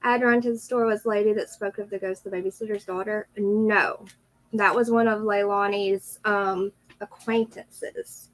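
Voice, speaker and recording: A woman's voice: medium pitch, fairly even intonation, moderate pace, low-quality recording. A woman hosting a casual livestream, teary with a runny nose, greeting her viewers one by one. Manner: greets viewers by name, chatty. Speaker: livestream host.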